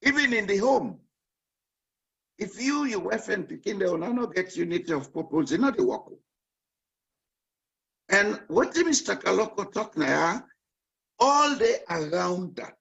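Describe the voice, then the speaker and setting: Man, Sierra Leonean Krio accent, gravelly, emphatic, preacherly repetition. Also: high-pitched, expressive, unhurried, pauses often, fairly bright tone, lo-fi sound. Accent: Sierra Leonean Krio-tinged. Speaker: panel guest. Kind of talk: political commentary.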